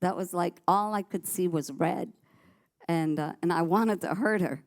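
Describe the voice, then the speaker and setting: A woman with a lowish voice and slightly slow delivery recounts her personal testimony on a church talk show. She tells it in a vivid, animated way, often starting her sentences over.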